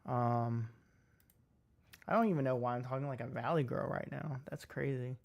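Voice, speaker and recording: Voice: mid-range voice, fast, vocal fry, lo-fi sound. A livestreamer in casual stream chat at a home setup, rambling with many fillers and poking fun at themselves. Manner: rambling, filler-heavy, self-deprecating. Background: faint music and keyboard typing.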